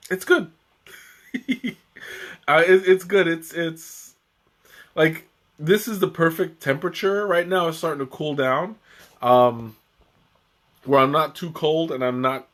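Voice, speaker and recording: A young man hosting a live tea tasting stream, chatting casually in a rambling way with restarts and chuckles. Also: a little high.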